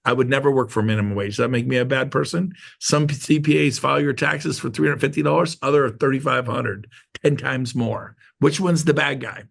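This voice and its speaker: A middle-aged man coaching a group over a video call, with a gravelly edge to his voice. He talks emphatically and repeats his points, firing questions at his listeners. His pitch sits in the ordinary middle range. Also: fairly even intonation, a little fast. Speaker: host of an online real estate training call.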